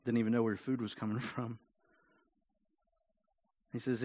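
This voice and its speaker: A man's voice: medium pitch, steady tone, fairly quick, pauses often, a little mellow. Conversational man preaching a sermon. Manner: conversational, repeats words, rises in volume for emphasis. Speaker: pastor.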